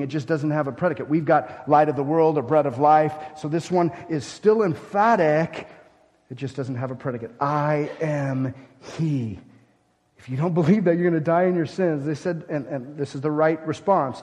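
A man preaching a sermon as pastor, urgent and emphatic one moment and hushed and grave the next. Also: fairly high pitch, a little fast. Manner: emphatic preaching, swinging between loud urgency and hushed gravity. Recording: long hall reverb.

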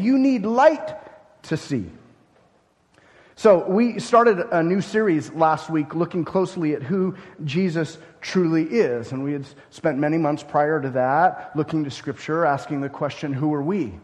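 A man delivers a sermon from the pulpit, his pitch sitting high for a man. He is emphatic, rising to loud declarations and dropping to hushed phrases. His voice carries a long reverb, as in a large church. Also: animated, normal speed. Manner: emphatic, with wide swings between loud and hushed. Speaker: pastor.

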